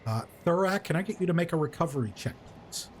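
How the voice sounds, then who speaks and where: A man's voice: on the high side, animated, fast talker, slight background noise. Laid-back male game master, rambling. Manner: casual, rambling with fillers and restarts. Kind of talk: narrating a tabletop game.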